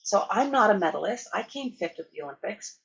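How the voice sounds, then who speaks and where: A woman from Canada giving a conference keynote, telling lively anecdotes with laughter. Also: medium pitch, a little fast, gravelly, lo-fi sound. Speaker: keynote speaker. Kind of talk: storytelling conference talk.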